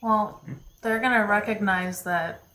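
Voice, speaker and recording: A woman's voice: medium pitch, steady tone, a little slow, bright, forceful tone, slight background noise. A woman playing a tabletop game, planning matter-of-factly, in an echoey room. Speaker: player. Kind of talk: casual tabletop play.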